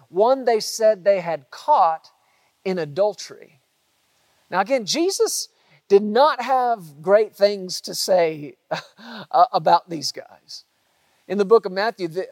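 A man's voice: sits high, no echo. A male pastor delivering a sermon, stretching out key words and hitting others with sudden force. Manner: dynamic preaching, drawn-out emphatic words and sudden loud stresses.

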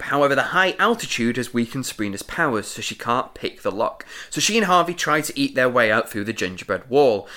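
A man's voice: medium pitch, pushed and bright. A man co-hosting a casual comedy podcast, recapping a plot with giggly asides. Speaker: podcast co-host recapping an episode.

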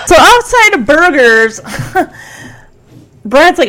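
A woman host giving a casual, animated recap of a TV episode, acting out the characters' lines and saying "like" often. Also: high voice, drawn-out words, pauses often. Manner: animated storytelling, acts out characters' lines, frequent "like". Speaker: podcast host.

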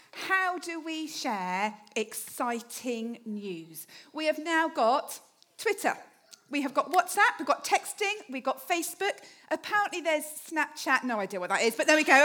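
High-voiced woman preaching chattily. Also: sing-song, a little slow, pushed and bright. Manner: chatty, humorous, asks the congregation questions. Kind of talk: sermon.

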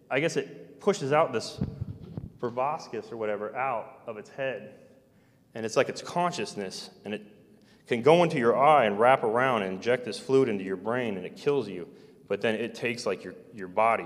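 Man, lowish voice, halting rambling storyteller, reverberant space. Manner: halting, full of restarts and trailing-off phrases.

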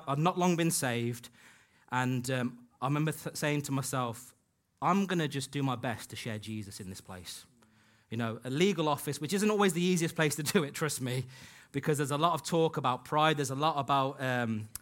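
Male preacher, mid-pitched voice, earnest storytelling sermon, acts out quoted lines. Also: fairly bright tone. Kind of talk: sermon with personal stories. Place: church hall.

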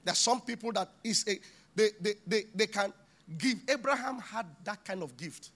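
A man preaching a sermon in a church with a high, bright voice. He is animated, slipping into little acted-out scenes and voices as he talks. The tone stays lively throughout. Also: normal speed. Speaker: pastor.

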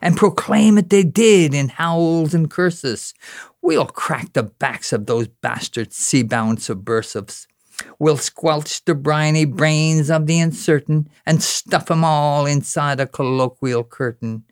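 A man's voice: on the high side, slow, no echo, clean studio sound, pitched above the performer's own voice. A man voicing scheming male government officials who bluster and curse while plotting, inside a recited poem. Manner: blustering, cursing proclamation.

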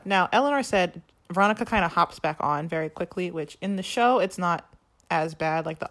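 Her voice runs on the low side, and she talks fast. She co-hosts a laid-back podcast recapping a musical, telling the story animatedly and acting out the quotes.

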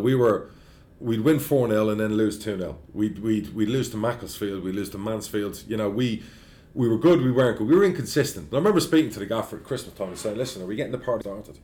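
Deep fast-talking blunt man. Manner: blunt, profane, animated storyteller. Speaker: football club chairman. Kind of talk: anecdotal interview storytelling.

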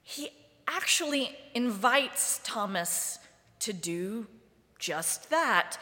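A woman pastor preaching a sermon in a church sanctuary, deliberate and wry in a conversational way, with the long reverb of the sanctuary around her voice. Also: on the high side, lively intonation, sharp tone. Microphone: live-streamed service mic.

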